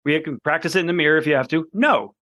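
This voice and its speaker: A man's voice: fairly high pitch, steady tone, racing, fairly bright tone, dry recording. A man co-hosting a casual podcast chat, blunt and profane, laughing often. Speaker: podcast co-host.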